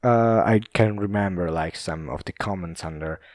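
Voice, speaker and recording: A man's voice: sits low, moderate pace, a little mellow, no echo, studio quality. A young Italian man with an Italian accent hosting a casual solo podcast, rambling, chuckling and swearing loosely. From Italy. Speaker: podcast host.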